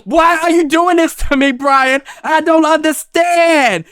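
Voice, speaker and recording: A man voicing a frazzled wife ranting at her husband, in a high, exasperated voice. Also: unhurried, fairly bright tone, no echo, studio quality.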